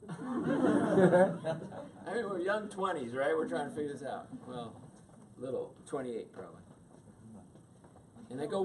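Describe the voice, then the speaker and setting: A man's voice: medium pitch, a little slow, long pauses. A man giving a storytelling talk to an audience, acting out the voices in his stories. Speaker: speaker. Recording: distant mic with steady noise.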